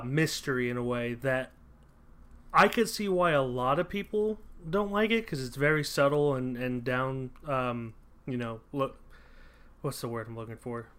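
A man chats casually about movies on a home podcast. He rambles, circles back with fillers and restarts, and speaks at a middling pitch. The room around him has poor acoustics. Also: a little slow, a bit bright, clear, resonant tone. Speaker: podcast co-host.

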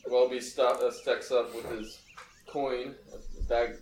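A man's voice: medium pitch, little pitch movement, takes it slowly. A man playing a tabletop game, bantering playfully and hesitating as he speaks. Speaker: player. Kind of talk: casual tabletop game chat. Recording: echoey room, distant from mic, clear background noise.

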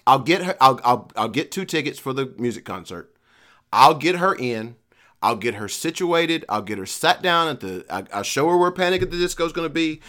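A middle-aged man telling a long, profane story in casual chat, animated and playful. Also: mid-range voice, normal speed.

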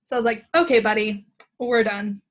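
A woman's voice: fairly high pitch, moderate pace, rough recording. Young woman telling a story animatedly. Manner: animated retelling with quoted dialogue, laughs often. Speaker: podcast guest. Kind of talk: casual storytelling chat.

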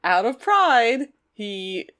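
A woman co-hosting a podcast in casual chat, wry and quick to laugh while recapping a cartoon episode. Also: a little high, a crowd in the background. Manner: animated, wry, laughs often. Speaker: podcast co-host.

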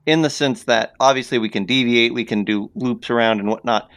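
A man's voice: mid-range voice, a little fast, a bit bright. A man co-hosting a tabletop gaming podcast, laying out his point and often checking in with the others. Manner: explaining, checks in with "right?". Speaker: podcast co-host. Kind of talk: casual chat.

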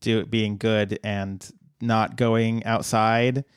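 Male podcast co-host, smooth clear voice, dry close recording, playful recap banter. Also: lowish voice, little pitch movement, very slow, no echo. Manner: playful, mock-villain asides. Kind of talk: casual podcast recap chat.

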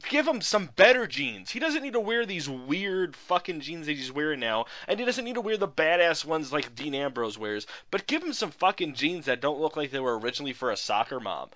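A man's voice: a little high, big pitch swings, brisk, few pauses, a bit bright. A man co-hosting a casual podcast, ranting with plenty of profanity. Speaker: podcast co-host. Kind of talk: casual chat. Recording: dull lo-fi podcast audio.

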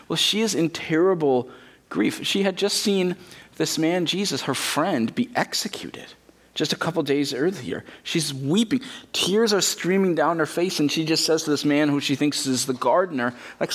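A man's voice: a little high, moderate pace, breathy edge. A man preaching a sermon in a church, talking casually and acting out quotes in character. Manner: conversational, animated, acts out quotes in character. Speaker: pastor.

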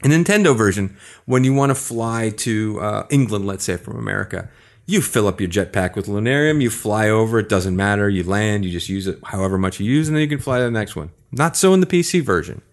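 A man hosting a retro games podcast in casual chat, telling stories in a jokey, animated way. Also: lowish voice, a little fast. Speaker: podcast host.

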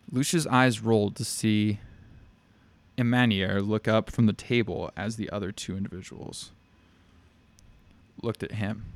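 A man reading a dark fantasy story aloud in a steady, measured way. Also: fairly low pitch, vocal fry. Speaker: narrator.

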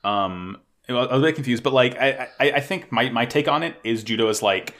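A man co-hosting a casual podcast, excitedly recapping an anime episode, swearing freely and stammering when unsure. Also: medium pitch, moderate pace. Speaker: podcast co-host.

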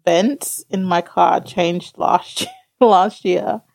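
A woman's voice: fairly low pitch, slow, creaky, a little mellow. A woman chatting casually and giving short, laid-back replies. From Australia. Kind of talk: casual chat.

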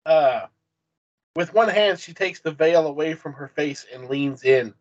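A man's voice: on the high side, a little slow. A man reading a gamebook aloud with friends, flustered and self-deprecating, swearing often. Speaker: reader. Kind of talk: casual chat, reading aloud. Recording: dull lo-fi mic.

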